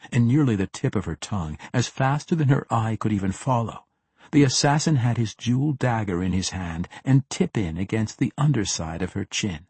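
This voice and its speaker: A man narrates a fantasy audiobook in a steady, dramatic reading. His voice sits low and sounds husky. The recording is dry and close. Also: moderate pace, no echo.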